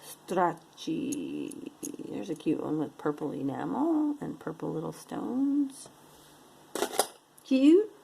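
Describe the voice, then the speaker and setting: A woman's voice: lowish voice, creaky, mellow, a little hiss or hum, poor audio. A woman casually showing and describing jewelry pieces one by one, with playful sing-song asides. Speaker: jewelry unboxing vlogger. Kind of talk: casual show-and-tell commentary.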